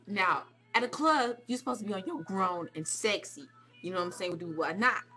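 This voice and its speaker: A young woman excitedly telling a vlog story, acting out quotes with squeals and shouts. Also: medium pitch, fairly quick, faint music behind. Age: young adult. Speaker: vlogger recounting a club night.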